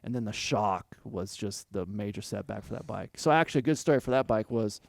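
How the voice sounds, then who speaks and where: A man's voice: lowish voice, fairly quick, creaky, no room sound, clean studio sound. A man, a former motocross racer, telling stories in a loose, rambling way in a casual interview. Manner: loose, rambling, lively quoting of others.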